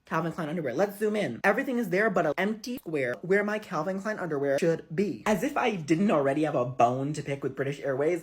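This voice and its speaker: A man's voice: sits high, fast talker, hardly any pauses. A young man vlogging casually, telling a travel mishap in a dramatic, exasperated way, swearing and squealing when indignant. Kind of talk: casual vlog storytelling.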